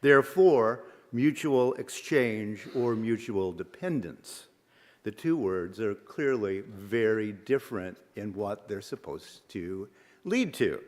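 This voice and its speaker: A man, a minister, giving a sermon in a measured, reflective way and asking many rhetorical questions. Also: on the low side, expressive, a little mellow. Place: church sanctuary. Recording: long reverb of a large hall.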